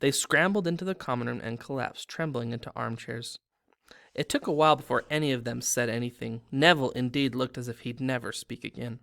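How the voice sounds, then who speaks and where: Guy reading a book aloud, mid-pitched, dramatic pacing, animated. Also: fairly quick, vocal fry. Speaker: read-aloud host.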